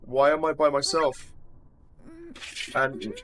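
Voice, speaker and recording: A man's voice: fairly high pitch, fairly even intonation, takes it slowly, fairly bright tone, a little hiss or hum. A man reading aloud the lines of a frightened teenage schoolgirl from a video game, in his own voice.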